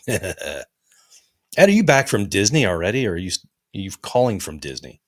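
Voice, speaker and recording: A man's voice: sits low, very animated, moderate pace. A tired middle-aged man hosting a podcast, chatting in a rambling, easygoing way. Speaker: podcast host. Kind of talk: casual chat.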